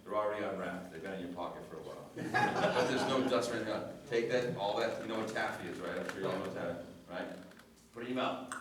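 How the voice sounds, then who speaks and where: A man's voice: on the low side, fast. A man coaching a chorus, giving instructions and checking in with the singers with a frequent "right?". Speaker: vocal coach. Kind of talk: choir coaching session. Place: rehearsal room with a chorus. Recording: echoey room, distant mic, noisy.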